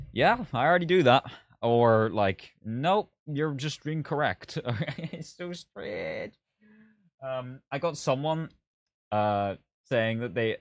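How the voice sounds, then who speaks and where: A man's voice: medium pitch, no echo, clean studio sound. A man who reviews games, chatting casually on a live stream and reacting to viewer comments with sarcasm, swearing and disbelief. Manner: exasperated, sarcastic, laughing, swearing.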